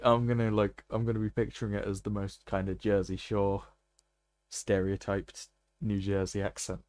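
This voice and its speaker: Jokey, low-voiced male streamer. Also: level tone, moderate pace, darkish tone, no echo. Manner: jokey, laughs often. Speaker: gaming streamer. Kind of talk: live gameplay commentary.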